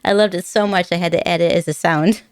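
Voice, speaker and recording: A woman's voice: on the low side, fairly even intonation, quick pace, smooth, no echo. A young woman chats with her viewers in a giggly, rambling way, often breaking into laughter as she talks. Her voice comes through close and dry on a desk microphone, with a nervous edge under the chatter. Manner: giggly, chatty, rambling, puts on silly accents. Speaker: streamer. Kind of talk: casual chat with viewers.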